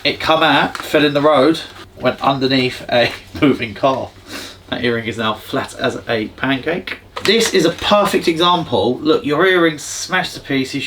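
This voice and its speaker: A man's voice: fairly high pitch, normal speed, a bit bright, slight background noise. A man, a jeweller chatting casually as he walks through prices and gold tests in his shop. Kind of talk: casual explaining to camera and customer.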